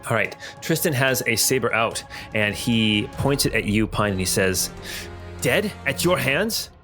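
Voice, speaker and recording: A man's voice: fairly low pitch, moderate pace, pushed and bright, faint music behind. A man narrating as game master of a tabletop game, casual and descriptive.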